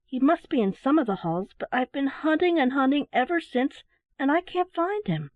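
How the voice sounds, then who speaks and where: A woman's voice: high-pitched, very animated, normal speed, no room sound, voice pushed up. A woman voicing a sweet, lonely little girl in a storybook. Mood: sweet, wistful. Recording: dry, phone-like narrow sound.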